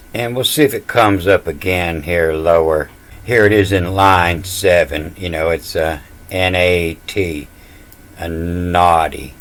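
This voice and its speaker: A man with a deep, low voice gives a casual lecture, spelling out letters one at a time. He moves slowly and sounds sure of himself, brushing off other teachers. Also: fairly bright tone. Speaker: self-taught scripture reader.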